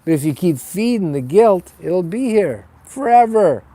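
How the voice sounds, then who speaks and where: A man's voice: sits high, very animated, unhurried, dark tone, no room sound. A man hosting a spiritual webcast, talking in a rambling, blunt and profane monologue. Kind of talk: casual spoken monologue.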